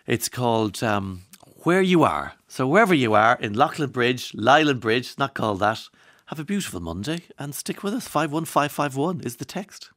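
On a studio mic, this Irish radio host banters, jokes, and reads out messages from listeners. His mid-range voice swings widely in pitch at a moderate pace, sounding slightly bright, studio quality and free of room sound.

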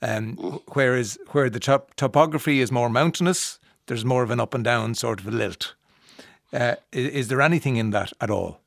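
A man's voice: mid-range voice, moderate pace, gravelly, no echo, clean studio sound. A man from the Irish Midlands hosting an interview in a chatty, restart-filled way. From Ireland. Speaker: host. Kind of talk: casual interview chat.

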